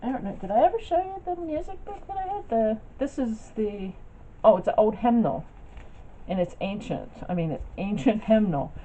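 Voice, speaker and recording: A woman's voice: a little high, lively intonation, normal speed, dark tone. A woman chatting casually in a rambling way, with lots of fillers and restarts, as she shows her craft projects to the camera. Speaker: craft vlogger. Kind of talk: casual show-and-tell chat. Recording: dull lo-fi sound with faint noise.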